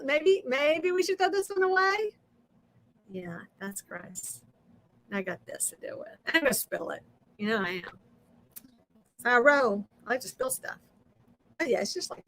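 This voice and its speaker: A woman's voice: high-pitched, a bit bright. A middle-aged woman hosting a casual craft livestream, chatting straight to viewers and laughing often.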